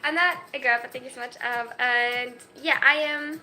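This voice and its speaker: A woman's voice: high voice, steady tone, sharp tone, soft background music. A woman in her twenties chatting on a casual livestream, flustered, often breaking off mid-sentence and laughing. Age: 20s. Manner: flustered, self-interrupting, quick to laugh.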